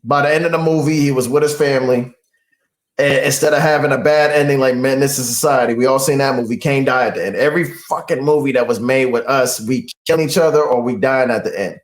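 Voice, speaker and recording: A man's voice: mid-range voice, fast. Laughing man in an echoey room. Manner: laughing, slangy, emphatic. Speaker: podcast co-host. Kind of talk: casual chat.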